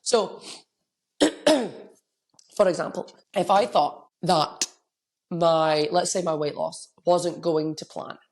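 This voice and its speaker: Emotional woman podcaster with a gravelly voice. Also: lowish voice, fairly even intonation, slow pace, pauses often, a little mellow. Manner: candid, emotional, motivational. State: has a cold, coughing. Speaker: podcast host and coach. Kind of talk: solo podcast monologue. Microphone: podcast microphone.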